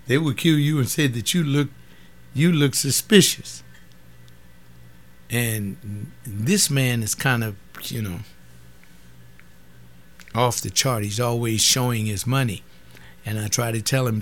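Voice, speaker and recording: A seventy-year-old webcast host gives a casual commentary monologue in a mid-range, creaky voice, speaking a little slowly as his passion builds into outrage.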